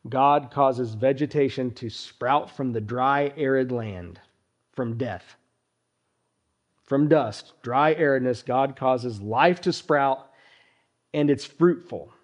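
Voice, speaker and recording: A male pastor preaching a sermon, speaking deliberately and addressing his listeners directly, with his voice often sinking low at the ends of phrases.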